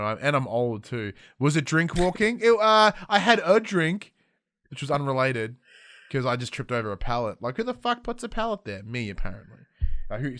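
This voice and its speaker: A man's voice: mid-range voice, no room sound, clean studio sound. An Australian man in his thirties hosting a podcast, chatting casually and acting out quotes as he tells stories. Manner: animated storytelling with acted-out quotes. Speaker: podcast host. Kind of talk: casual chat.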